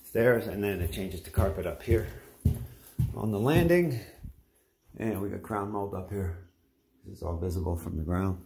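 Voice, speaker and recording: A man's voice: low-pitched, normal speed, long pauses, a little mellow, slight background noise. A middle-aged man, a home builder, giving a folksy, enthusiastic walkthrough tour of a house and pointing things out as he goes. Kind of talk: casual walkthrough narration.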